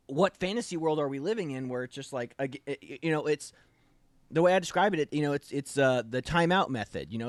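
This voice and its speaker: A man's voice: fairly high pitch, no room sound. A man hosting a casual political talk show, speaking emphatically and animatedly, often acting out the voices of the people he quotes. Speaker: show host.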